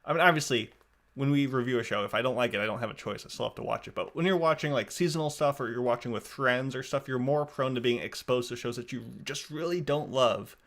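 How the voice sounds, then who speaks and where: A man's voice: mid-range voice, fast, a bit bright. A man hosting a podcast in a casual, rambling, wry way, often restarting his sentences. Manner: rambling, self-correcting, wry. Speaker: podcast host.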